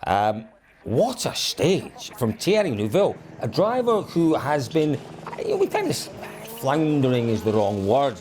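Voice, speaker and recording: Energetic man hosting a rally review. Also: medium pitch, a little slow, a little hiss or hum. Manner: energetic, reels off results standings. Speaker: rally show host. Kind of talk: casual rally review chat.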